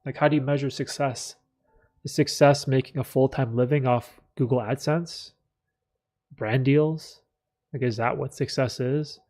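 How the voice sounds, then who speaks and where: A man hosting a live stream, chatting candidly in a rambling, reflective way with many fillers, often clearing his throat. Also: mid-range voice, fairly even intonation, measured pace, a little mellow. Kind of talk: casual live stream chat, reading chat.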